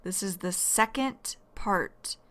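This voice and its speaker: A woman with a Northern US accent talks at an unhurried, careful pace, like a teacher explaining English words one at a time. Her pitch sits in a middle range, and she repeats each key term to let it sink in. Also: a bit bright. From United States. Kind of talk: slow explanatory language lesson.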